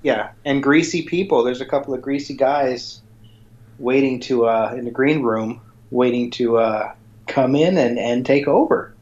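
A male podcast co-host in casual chat, chiming in with quick reactions and jokes. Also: mid-range voice, darkish tone, highs cut off.

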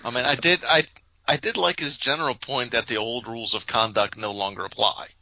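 A man's voice: mid-range voice, fairly even intonation, a little fast, pushed and bright, slight background noise. A man guest on a podcast recap, thoughtful and hedging with "I mean" as he weighs the plot. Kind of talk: casual recap chat. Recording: dull lo-fi audio.

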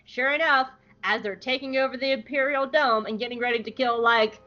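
A woman podcast co-host retelling a fan story in a casual, giggly, animated way. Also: on the high side, fairly quick. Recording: dull lo-fi podcast audio.

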